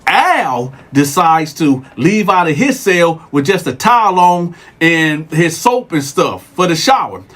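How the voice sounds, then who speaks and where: A man hosting a show, telling a story in a casual, animated way and repeating words as he goes. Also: on the high side, a little slow, few pauses. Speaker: storyteller host.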